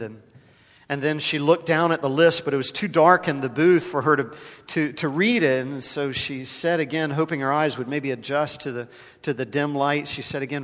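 A man preaches a sermon with dramatic swings, rising to loud emphasis and then dropping to a near-hush. He repeats words when he is stirred. His voice carries a long reverb through a large worship hall. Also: fairly high pitch, fairly even intonation, moderate pace. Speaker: pastor.

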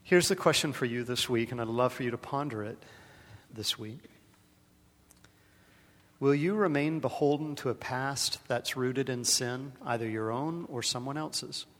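A pastor preaches at a measured pace in a mid-range voice, swinging dramatically from loud emphasis to a near-hush and repeating words when stirred. A long reverb carries his voice through a large worship hall.

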